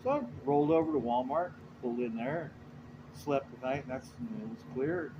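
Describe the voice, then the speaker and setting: A man's voice: mid-range voice, moderate pace, muffled recording, noisy background. A man, a truck driver, telling a road story in a rambling, profane, casual way. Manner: rambling, profane, animated retelling.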